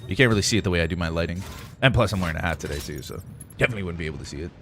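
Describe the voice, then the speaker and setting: Rambling low-voiced young man streamer. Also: animated, very fast, a bit bright, slight background noise. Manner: rambling, laid-back, heavy use of "like" and "dude". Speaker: gaming streamer. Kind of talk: casual chat while playing.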